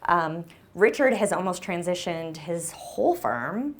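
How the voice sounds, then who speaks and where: A woman's voice: fairly low pitch, expressive, unhurried. A woman giving a conference keynote talk on a stage mic, upbeat and chatty, with lots of ums and "right?". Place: conference room with an audience. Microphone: handheld or stage mic that briefly cut out.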